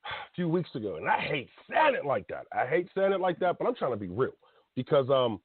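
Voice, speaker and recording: A man's voice: on the high side, big pitch swings, a little fast, breathy edge, no echo. Blunt, heated man in his thirties. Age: 30s. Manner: blunt, heated ranting with laughs and slang. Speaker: podcast host. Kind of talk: casual radio talk. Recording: tinny phone-like sound.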